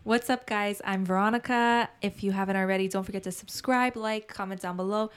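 A woman co-hosting a podcast who tells animated, joking stories in casual chat. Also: medium pitch, brisk, clean tone. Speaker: podcast co-host.

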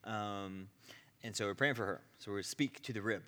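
A man's voice: lowish voice, normal speed, a bit bright, in a large hall. A man teaching a class on healing prayer in a conversational way, with frequent asides and "okay?" checks. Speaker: ministry teacher.

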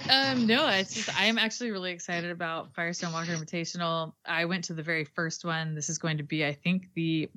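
Female co-host, low voice, wry and blunt, casual swearing, dry studio mic. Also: a little fast, few pauses, pushed and bright, no echo, rough recording. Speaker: podcast co-host. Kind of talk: casual chat.

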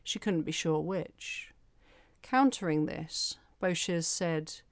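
A woman hosting a podcast, reading a scripted true-crime story in a measured, even way with careful detail. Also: low voice, no room sound. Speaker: podcast host.

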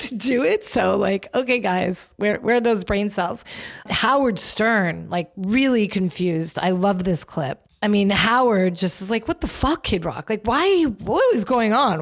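A woman hosting a podcast, giving candid, opinionated commentary that rambles with frequent restarts. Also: on the low side. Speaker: podcast host.

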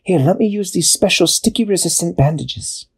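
A man voicing a small, jittery male sidekick in a told story, with a very high, fretful squeak. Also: lively intonation, moderate pace, slightly rough, full character voice. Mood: anxious.

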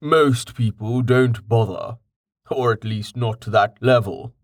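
A man voicing a patient, well-read companion who explains things in a calm, matter-of-fact way, slow and dry. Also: medium pitch, dry recording, close to an everyday voice.

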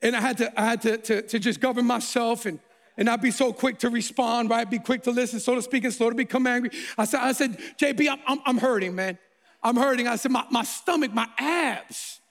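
A middle-aged pastor preaches a sermon that begins with a self-mocking story from his own life, speaking animatedly and often repeating words. His voice is very high-pitched, fairly quick, creaky and a bit bright, and the recording carries a long hall reverb.

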